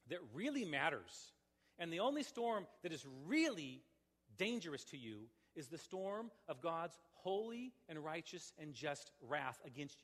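A man preaching a sermon as pastor, swinging between forceful declarations and soft, pleading appeals. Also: fairly high pitch, big-room sound.

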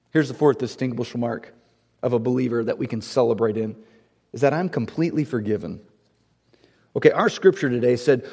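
A man preaching a sermon to a congregation, building to loud, emphatic, repeated lines. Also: mid-range voice. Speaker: pastor.

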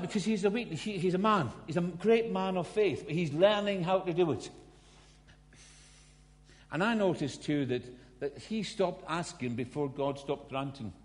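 A man preaching to a congregation, his voice sitting a little high for a man. He tells the story with wry, joking asides. The sound rings out with a long reverb, as in a large hall. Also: animated, normal speed. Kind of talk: sermon.

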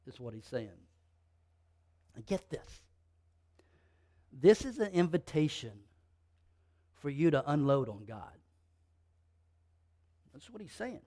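A man with a high voice delivers a sermon. He hammers home each point through repetition, rising to forceful emphasis and then dropping to near-whispers. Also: sing-song, slow, long pauses. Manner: emphatic, repetitive preaching with swings from loud to hushed. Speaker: pastor.

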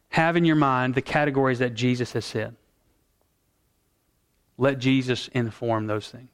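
A male pastor preaching a sermon in an earnest, emphatic way, slowing down to stress key words. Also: medium pitch, clear, resonant tone.

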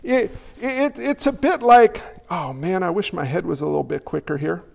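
A man with a high voice preaches in a relaxed, conversational way, slipping in jokey asides and acting out little exchanges. His words ring out with the long echo of a church hall. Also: moderate pace, vocal fry. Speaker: pastor. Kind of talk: casual sermon.

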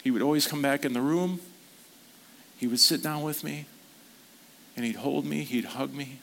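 Man, pastor, church sermon, earnest, conversational, storytelling, mid pitch. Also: moderate pace, gravelly, long pauses, fairly bright tone, a little hiss or hum.

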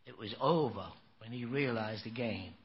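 An older man with a mid-range voice preaches a sermon at a moderate pace, telling folksy, emphatic stories and often saying "you know." The recording is dull and lo-fi, with faint noise.

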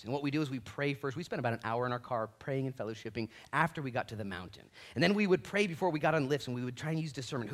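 A man preaching a sermon as a pastor, telling stories and acting out the quoted voices in them, moving from quiet asides to loud, emphatic bursts. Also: a little high. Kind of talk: storytelling sermon.

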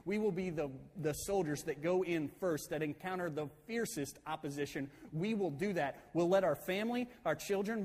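A preacher voicing bargaining cattle herders. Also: male voice, fairly high pitch, darkish tone, lightly acted. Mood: earnest. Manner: persuasive, deal-making. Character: group of herdsmen tribesmen bargaining with their leader. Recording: long hall reverb.

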